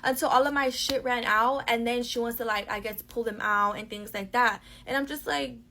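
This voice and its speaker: A woman's voice: fairly high pitch, steady tone, normal speed, bright, forceful tone. A young woman telling a casual storytime to a phone camera, blunt and profane with constant "like" fillers.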